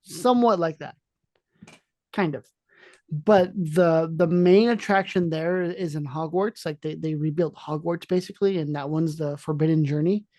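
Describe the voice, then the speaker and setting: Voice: medium pitch, normal speed, dark tone, no echo, clean studio sound. A podcast co-host describing a theme park ride in a hesitant way, with many fillers and restarts. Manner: hesitant, full of fillers, describes things with gestures. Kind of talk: casual chat.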